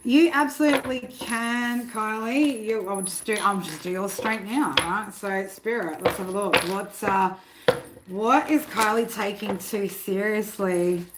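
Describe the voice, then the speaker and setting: A woman chats loosely on a live stream from her home, swearing as she goes and stopping often to yell at her squabbling cats. The pitch sits in a middle range. A steady hiss of background noise runs under her voice. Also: a little slow. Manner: loose and chatty, swears freely, breaks off to scold her cats. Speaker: tarot reader hosting a live stream. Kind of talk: casual live-stream chat.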